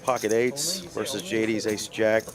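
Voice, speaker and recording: A man's voice: lowish voice, lively intonation, measured pace. A man commentating a live poker game, chatting casually and reading viewer comments aloud. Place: card room broadcast booth. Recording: crowd noise behind.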